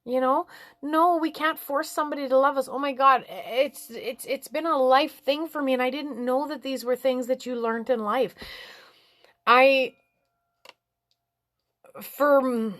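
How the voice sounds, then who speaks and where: A woman talking in a frank, rambling way about life and relationships, swearing freely and climbing high in pitch when she gets animated. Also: unhurried, pauses often, dry recording. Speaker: vlogger giving life advice. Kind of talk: casual spiritual chat.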